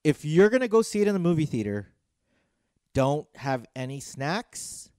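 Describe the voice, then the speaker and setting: A man's voice: fairly high pitch, sing-song, moderate pace, darkish tone, clear, resonant tone, no echo, studio quality. A man hosting a casual podcast, joking easily and hesitating when the talk turns serious. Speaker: podcast host.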